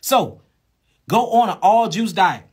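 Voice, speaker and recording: Man, holistic health teacher; high, husky voice; emphatic, blunt, profane lecturing. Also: animated, slow pace, a little mellow.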